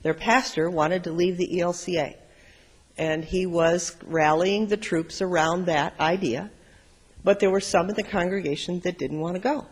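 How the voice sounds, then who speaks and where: A middle-aged pastor preaching a sermon, telling stories and swinging between loud and soft. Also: male voice, high voice, fairly even intonation, normal speed. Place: large church sanctuary. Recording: long church reverb.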